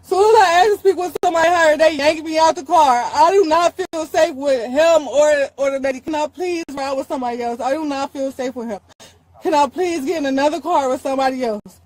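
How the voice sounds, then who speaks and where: A woman with a very high voice pleads through tears, repeating herself and rising into shouts. Her breathing catches as she talks. The sound is bodycam footage from an arrest. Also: brisk, rough recording. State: crying. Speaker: arrested driver. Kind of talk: distressed pleading.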